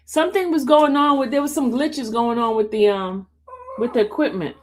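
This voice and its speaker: A woman's voice: a little high, moderate pace. A woman hosting a casual livestream, reading viewer comments aloud and chatting with her dog. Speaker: livestream host answering viewer questions. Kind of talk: casual live chat with viewers.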